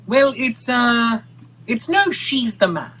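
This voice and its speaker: A man's voice: extremely high pitch, expressive, slow pace, heavy background noise, exaggerated voice. A man playing a playful William Shakespeare persona as a co-host, teasing and theatrical in a casual film review chat. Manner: theatrical, teasing, flowery phrasing.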